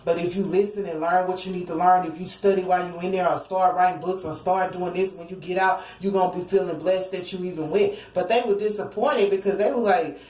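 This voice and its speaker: A woman's voice: fairly low pitch, steady tone, a little fast, few pauses, a little mellow, reverberant, poor audio. A woman giving a casual tarot reading, talking in a chatty, slangy way and acting out what people might say. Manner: chatty, slangy, acts out quotes, sings snatches of songs. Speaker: tarot reader.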